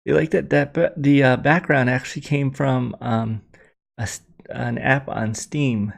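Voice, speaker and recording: Man, livestream host, very gravelly voice, casual rambling chat, lots of ums and restarts. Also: mid-range voice, steady tone, measured pace. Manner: rambling, apologetic, many fillers and restarts.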